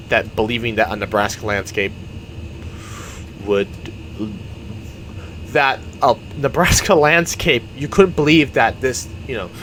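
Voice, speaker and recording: A man's voice: medium pitch, a bit bright, a little hiss or hum. A man, a gaming YouTuber, giving casual, rambling commentary while he plays a game. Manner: rambling, meandering storytelling.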